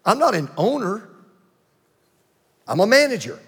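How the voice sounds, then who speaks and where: A man preaching a sermon with emphatic repetition and dramatic pauses. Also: high-pitched, big pitch swings, a bit bright, husky, big-room sound. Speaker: pastor.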